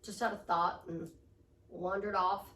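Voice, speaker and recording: A woman's voice: medium pitch, steady tone, a little slow, a bit bright, far from the mic, a little hiss or hum. Chatty woman life coach, echoey room. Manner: chatty, storytelling, repeats affirmations. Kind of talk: casual motivational talk.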